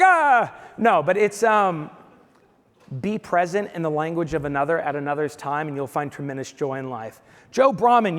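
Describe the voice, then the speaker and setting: A man giving a conference keynote, talking straight to the audience with bursts of excitement. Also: high voice. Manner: energetic, exclamatory, addresses audience directly. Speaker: keynote speaker. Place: large conference hall. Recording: reverberant hall.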